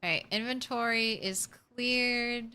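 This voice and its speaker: A woman's voice: a little high, steady tone, takes it slowly, pushed and bright, clean tone. A woman streamer giving casual, chatty commentary while playing a game, talking to herself and to the game late at night.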